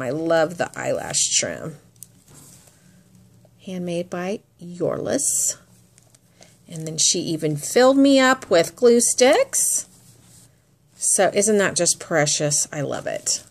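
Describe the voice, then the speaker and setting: A woman's voice: lowish voice, sing-song, slow, gravelly, long pauses. A woman crafting vlogger chatting casually as she shows off handmade gifts, gushing and admiring as she goes. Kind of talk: casual unboxing chat.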